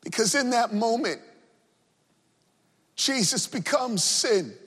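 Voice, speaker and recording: A man with a breathy, husky tone delivers a sermon at a slow, deliberate pace. He rises into sung cadences and shouted refrains. His voice rings with the long reverb of a large hall. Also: extremely high pitch, expressive. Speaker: preacher.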